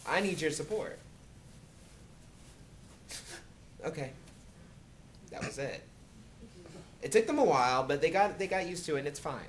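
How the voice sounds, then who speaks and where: A man answering student questions in casual talk at a university, animated and acting out quoted dialogue from his own stories. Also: a little high, normal speed, pauses often, slight background noise. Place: university lecture room.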